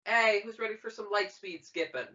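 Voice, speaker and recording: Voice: medium pitch, moderate pace, sharp tone, slight background noise. A podcast co-host chatting casually and sarcastically while watching a movie. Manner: sarcastic, teasing, swears freely. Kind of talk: casual chat over a movie. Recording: muffled, a bit distant from mic.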